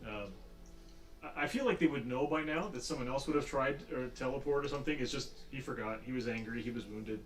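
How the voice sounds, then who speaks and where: A man's voice: mid-range voice, a little fast. Rambling man running a tabletop game. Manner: rambling, laughing, hesitant with many fillers. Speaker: game master. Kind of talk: narrating a tabletop game over voice chat.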